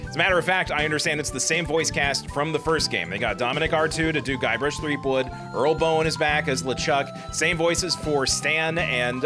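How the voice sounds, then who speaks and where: A middle-aged man talks over a game he loves, upbeat and chatty, cracking little jokes. His slightly high voice rises and falls a lot, with game music playing behind him. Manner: enthusiastic, chatty, quick jokes. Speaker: let's play host. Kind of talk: gaming commentary.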